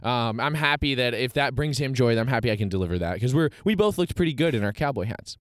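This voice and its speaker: Smooth-voiced young man telling a story. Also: medium pitch, fast, no room sound, studio quality. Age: young adult. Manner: animated storytelling with laughs and acted quotes. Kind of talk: casual chat.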